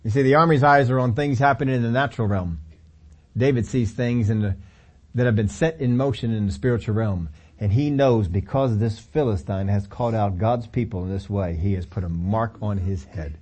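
A man's voice: lowish voice, a little fast, a little mellow. A middle-aged male pastor preaching a sermon, telling the story animatedly with acted-out quotes and chuckles.

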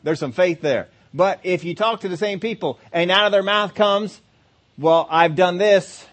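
A man preaching a sermon, emphatic, slowing down to stress key phrases and acting out quoted complaints. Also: sits high, a bit bright. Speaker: pastor.

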